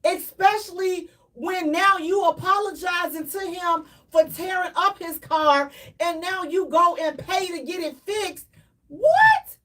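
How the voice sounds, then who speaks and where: Positioned a bit distant from her microphone, a radio show host with a high voice takes calls live. Her delivery is slow yet lively and preachy, full of repetition, occasionally breaking into shouting.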